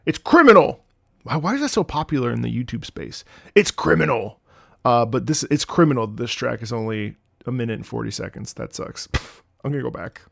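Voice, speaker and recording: A man streaming live, excitably reacting to music, reading chat and swearing often. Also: mid-range voice, fairly quick, creaky, dry recording, clean studio sound.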